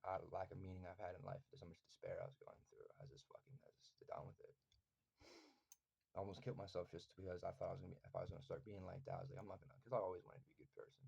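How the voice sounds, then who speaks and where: A man's voice: low voice, vocal fry, darkish tone, lo-fi sound. A man giving a raw, profane confessional monologue, blunt and intense. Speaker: vlogger.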